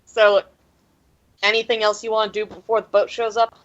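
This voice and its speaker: A woman's voice: mid-range voice, level tone, moderate pace. Wry woman game master, lo-fi sound. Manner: laid-back and wry, swears casually. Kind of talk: casual tabletop game narration. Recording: dull lo-fi audio.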